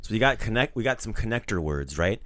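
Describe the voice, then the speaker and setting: A man hosting a casual language lesson, animated and playful, teasing his co-host and praising each repeat. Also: lowish voice, fast talker, no echo.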